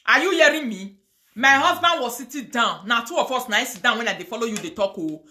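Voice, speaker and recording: A woman's voice: on the high side, expressive, a little fast, pushed and bright. A woman with a Nigerian accent ranting on a live video, mixing pidgin, chanting curses and prayers with fire. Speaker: online video host.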